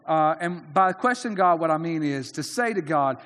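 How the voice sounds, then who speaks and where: A man's voice: a little high, animated, normal speed, a bit bright, in a large hall. A man preaching a sermon in an earnest, conversational way, often restarting his sentences. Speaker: pastor.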